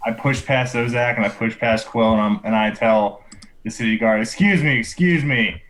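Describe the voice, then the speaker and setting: A man plays a tabletop game and often speaks in character. His voice is fairly low. He talks in a firm, declarative way. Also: little pitch movement, normal speed. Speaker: player.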